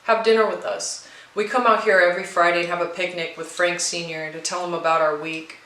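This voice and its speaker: A woman doing a warm, insistent widowed mother. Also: lowish voice, flat delivery, fairly quick, roomy sound, close to an everyday voice, low-quality recording. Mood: coaxing. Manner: gentle but pressing, welcoming.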